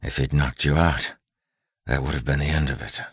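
A battered male lawman speaks in a quiet, level way while he is hurt and tasting blood, voiced by a man in an audiobook. The voice sits extremely low and sounds husky, with a gravelly edge. The recording is close and dry. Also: steady tone, moderate pace, no room sound, exaggerated voice. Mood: pained urging.

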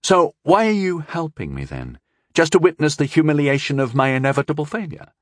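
A man's voice: a little high, very animated, fairly quick, dry recording, clean studio sound, voice pushed up. A man voicing a young, self-doubting student, plaintive and incredulous. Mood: bitter.

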